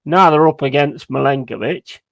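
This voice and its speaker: A man's voice: a little high, moderate pace, vocal fry, no echo. Sweary man ranting over a match. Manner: heavy swearing, ranting and frustrated; banters with chat and gives shout-outs. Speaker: football watch-along streamer. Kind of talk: live match watch-along commentary.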